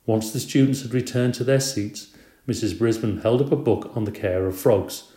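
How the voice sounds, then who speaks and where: A man narrating a children's story in a steady storytelling way. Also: mid-range voice, normal speed. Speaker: audiobook reader. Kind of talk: scripted narration. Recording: roomy echo.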